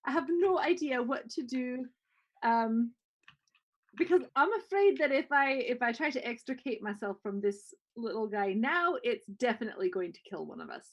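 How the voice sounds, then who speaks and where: A woman in a tabletop game talks her way through a scene in a flustered, stammering way. Her voice sits a little high. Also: animated, moderate pace, muffled recording. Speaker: player. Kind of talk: role-playing a tabletop game.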